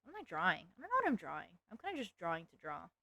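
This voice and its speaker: A woman's voice: lowish voice, huge pitch swings, racing, creaky, bright, forceful tone, no room sound. A woman streamer chatting casually while she draws, rambling along with lots of "like" fillers. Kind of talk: casual livestream chat while drawing.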